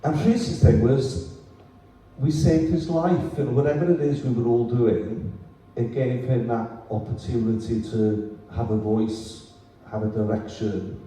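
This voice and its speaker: A man from Wales telling lively anecdotes at a festival talk. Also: mid-range voice, measured pace, very echoey, recorded from a distance, low-quality recording. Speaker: festival speaker. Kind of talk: storytelling at a literary event.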